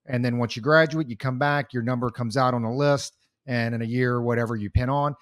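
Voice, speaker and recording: A man's voice: medium pitch, fairly even intonation, a little fast, dry recording, clean studio sound. A man co-hosting a casual podcast talk, a veteran who speaks in heated, rambling bursts with many restarts. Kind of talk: casual chat.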